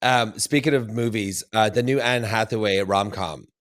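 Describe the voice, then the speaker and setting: A man's voice: on the low side, normal speed, a bit bright. A man hosting a podcast in casual chat, laid-back and swearing freely. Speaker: podcast host.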